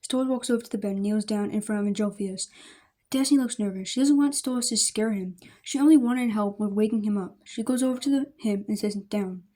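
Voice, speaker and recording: A woman's voice: mid-range voice, a little fast, warm tone. A woman reading her fan fiction aloud in a plain, unpolished way with small slips. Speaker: story reader.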